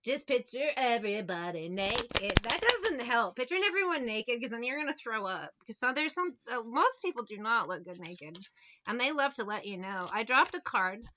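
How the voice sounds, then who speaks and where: A woman's voice: fairly high pitch, big pitch swings, moderate pace, highs cut off, background noise. A woman giving a casual tarot reading, sassy and profane, who drifts off on tangents. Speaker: tarot reader.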